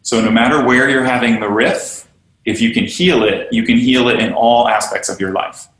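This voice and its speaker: This man's medium-pitched voice is steady and fairly bright, moving at a moderate pace. As a podcast guest, yoga studio owner and teacher trainer, he talks earnestly and animatedly about teaching and belonging, often mimicking the people he quotes, with roomy echo in the recording.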